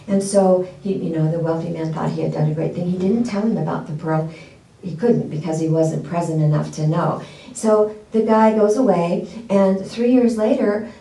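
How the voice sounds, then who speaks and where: Mellow-voiced woman pastor preaching in a roomy hall. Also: lowish voice, recorded from a distance. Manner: conversational, asks the congregation questions. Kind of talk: sermon.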